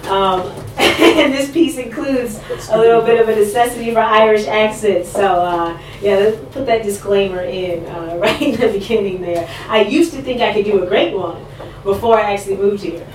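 A woman performing spoken word poetry live, with a measured, rhythmic recitation and loose, laughing asides between pieces. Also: mid-range voice, slight background noise. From United States. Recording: echoey distant live room recording.

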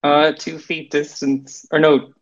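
A man, a poet, reciting a wry, humorous poem in a measured way over a video call. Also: a little high, level tone, highs cut off.

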